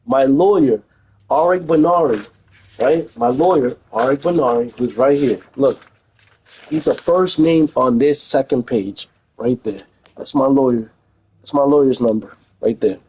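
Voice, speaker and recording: A man's voice: medium pitch, measured pace, a little mellow, husky, poor audio. A young man streaming from home, talking in a heated, emphatic casual rant and repeating phrases for stress. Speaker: livestreamer.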